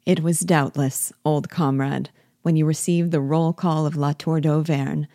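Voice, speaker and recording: A woman's voice: low voice, steady tone, measured pace, warm tone, dry recording, clean studio sound. A woman voicing a loyal, sentimental old male army sergeant who speaks humbly and rambles. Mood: earnest, humble.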